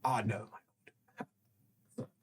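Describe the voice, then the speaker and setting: A man's voice: slow, lightly acted. A man voicing an old male wizard and storyteller who speaks formally, carefully and deferentially. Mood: confiding.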